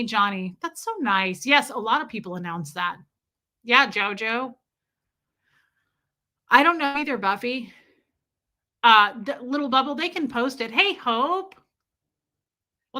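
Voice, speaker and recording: Bright chatty woman streamer. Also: fairly high pitch. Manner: chatty, affectionate, answers viewers' comments aloud. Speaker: livestream host reading chat. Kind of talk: casual live-stream chat.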